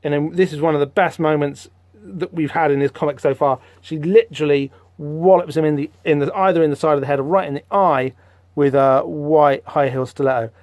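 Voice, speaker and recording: A man hosting a podcast, rambling through a comic book issue in casual, animated commentary with lots of fillers. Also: on the high side, a little fast, no echo. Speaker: podcast host.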